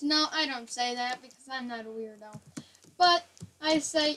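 A woman playing Minecraft with a friend, cracking dry, deadpan jokes and rambling asides. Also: fairly high pitch, measured pace, rough recording. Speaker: Minecraft player. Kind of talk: joking gameplay chatter.

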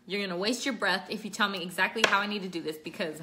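A woman's voice: medium pitch, fairly even intonation, fast, few pauses, noisy background. Chatty woman doing a makeup livestream. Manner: chatty, reads out viewer names while working. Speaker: makeup vlogger. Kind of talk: casual livestream makeup tutorial. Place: home.

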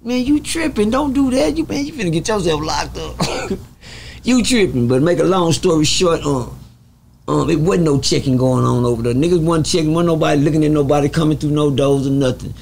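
A man from Fort Worth, telling stories as an interview guest, animated and swearing freely as he acts out the voices of others. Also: on the high side, brisk, gravelly, a little hiss or hum. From Fort Worth, Texas. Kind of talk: storytelling in a casual interview.

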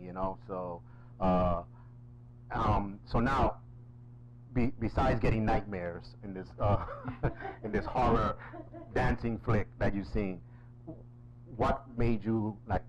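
A man's voice: on the low side, dull audio. A man hosting a casual interview, joking and laughing often. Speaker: host.

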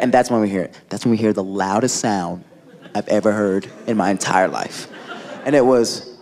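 A man telling a story on stage as a stand-up comedian, animated and full of "like", laughing through his lines. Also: mid-range voice, fast talker. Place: comedy stage before a live audience. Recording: live audience crowd noise. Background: audience laughter.

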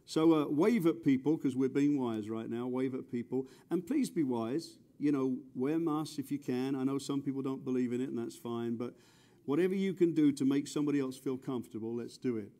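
A man's voice: mid-range voice, a little fast, mellow. A man preaching a chatty, joking sermon, often stumbling and repeating words. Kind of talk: conversational sermon.

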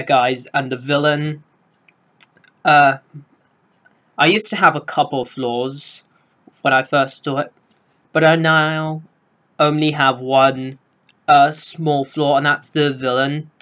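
A man giving a casual spoiler review of a film, gushing and filling pauses with "uh". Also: a little high, fairly even intonation, a bit bright, lo-fi sound. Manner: gushing, lots of filler words. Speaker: film vlogger.

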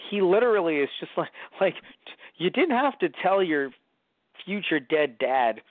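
Animated, profane man, phone-like sound. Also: high-pitched, moderate pace, dry recording. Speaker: podcast co-host. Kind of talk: casual movie review chat. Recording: dry, phone-like line.

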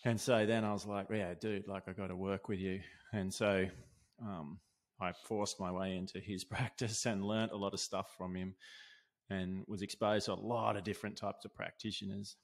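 Laid-back man with a gravelly low voice. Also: flat delivery, moderate pace. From Australia. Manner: laid-back, lots of "dude" and "like", laughs while telling. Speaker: guest, osteopath. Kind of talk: casual storytelling.

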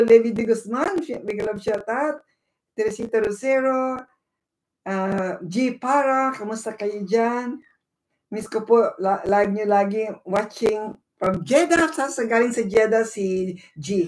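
Filipino woman hosting her live stream, fairly high voice, chatty, flips between Tagalog and English and greets viewers one by one. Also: poor audio. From Philippines. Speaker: livestream host. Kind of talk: casual live-stream chat.

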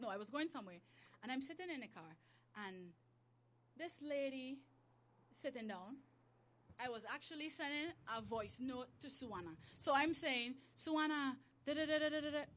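A woman giving a motivational church talk, telling a personal story with animated delivery, acting out her prayers as dialogue and speaking in informal, loose grammar. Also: a little high. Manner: informal grammar, drops verb endings.

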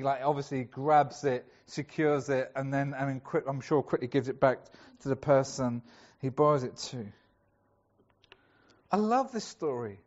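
A man's voice: on the high side, highs cut off. A male pastor preaching a sermon in a chatty storytelling way, acting out the voices of the people in the story.

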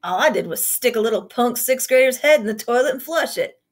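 A woman reading aloud as a rude, defiant teenage boy bully in a storybook scene, shouting and dismissive. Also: high-pitched, big pitch swings, moderate pace, husky, full character voice.

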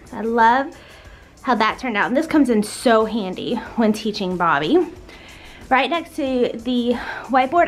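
A young woman gives a chatty, upbeat tour of her home for a vlog, a little out of breath, with lots of fillers. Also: a little high. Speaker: homeschooling mom vlogger.

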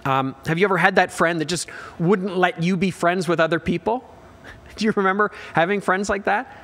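A man's voice: sits high, moderate pace, fairly bright tone. A middle-aged man, a pastor, preaching a midweek sermon in an earnest, direct way and often calling his listeners "guys".

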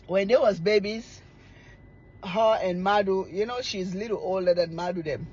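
A middle-aged woman, chatting casually to camera as a cooking vlogger, telling stories in a teasing, animated way and laughing often. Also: medium pitch, normal speed, muffled recording, slight background noise.

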